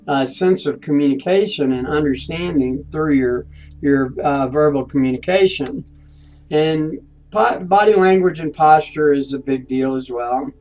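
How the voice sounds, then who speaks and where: A man giving a recorded course lecture, talking in a halting way with frequent restarts and fillers. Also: fairly high pitch, rough recording. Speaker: instructor.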